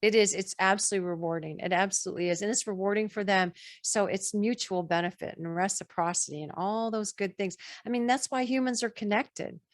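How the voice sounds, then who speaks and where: An older woman, a therapist guest on an interview show, speaking in an expressive, chatty way and laughing often. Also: medium pitch, a little fast, hardly any pauses, no room sound, clean studio sound. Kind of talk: conversational storytelling.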